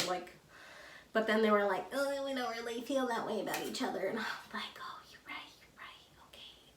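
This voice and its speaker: A woman's voice: mid-range voice, noisy background. A young woman telling a casual storytime, rambling and chatty with lots of fillers and restarts. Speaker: vlogger. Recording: roomy echo, a bit far from the mic.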